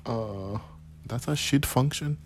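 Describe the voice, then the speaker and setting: A man voicing a rough, foul-mouthed male street tough in a put-on Indian accent, shouting curses. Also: medium pitch, slow. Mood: scolding. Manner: shouting, cursing.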